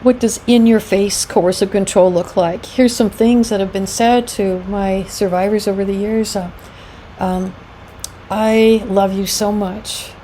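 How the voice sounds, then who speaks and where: Mellow-voiced woman giving an educational talk. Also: mid-range voice, steady tone, unhurried, a little hiss or hum, low-quality recording. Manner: conversational, with frequent fillers and acted-out quotes. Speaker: founder of a domestic abuse support group, presenter.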